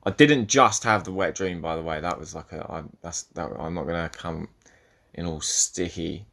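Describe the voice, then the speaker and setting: A young man talks alone into his podcast mic in a rambling, profane monologue. His voice sits on the low side, and he keeps breaking off mid-thought to start again. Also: moderate pace, creaky, fairly bright tone. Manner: rambling, profane, self-interrupting. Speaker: podcast host.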